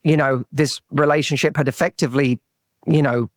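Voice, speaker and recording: A man speaks in a slightly higher register, earnest and searching as he tells a story, often stumbling and restarting mid-sentence. The sound is close and dry, with almost no room around it. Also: fairly even intonation, fairly quick, no echo. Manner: earnest, restarts and repeats words while telling a story. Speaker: relationship coach, podcast guest. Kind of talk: storytelling in a podcast interview.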